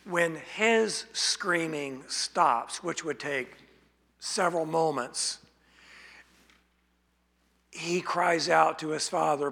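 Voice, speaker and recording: Man preaching, gravelly husky voice, bright tone, slow deliberate pace, long hall reverb. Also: on the high side. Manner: slow, deliberate delivery with rhetorical questions. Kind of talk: expository sermon.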